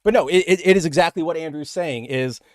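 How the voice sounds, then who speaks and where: A young man with a slightly high voice co-hosts a casual comic book podcast. He rambles animatedly, restarts his sentences, and drops into quick impressions of characters. The sound is dry and close to the mic. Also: no room sound. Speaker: podcast co-host.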